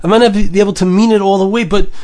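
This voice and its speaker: Man, high voice, earnest Torah sermon, repeats phrases, Hebrew terms mixed in. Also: steady tone, very fast, a little mellow.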